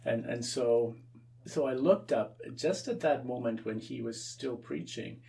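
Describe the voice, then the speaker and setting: Gravelly-voiced priest telling a story. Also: male voice, medium pitch, a little slow, warm tone, far from the mic. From Canada. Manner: repeats words and restarts often, acts out quoted voices. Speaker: Anglican priest, interview guest. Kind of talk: storytelling in a conversational interview.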